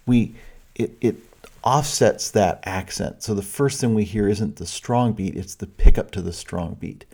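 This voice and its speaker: A man's voice: fairly low pitch, measured pace, vocal fry, a little mellow, breathy edge. A middle-aged man giving a music lecture. He talks thoughtfully, with many fillers and restarts, and counts and sings rhythms aloud to show his points. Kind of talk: explanatory lecture with sung rhythm examples.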